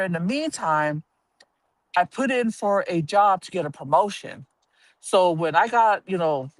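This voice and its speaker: A woman's voice: fairly low pitch, dry recording. Woman, union rep, casual storytelling, candid and profane, dry close sound. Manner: candid, earthy, profane, laughs at herself. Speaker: union representative, prison employee.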